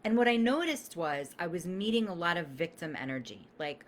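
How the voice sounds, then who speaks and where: A woman's voice: on the low side, big pitch swings, normal speed, a little hiss or hum. A woman in her thirties, a business coach on a live stream, talking emphatically, swearing freely and acting out the voices she quotes.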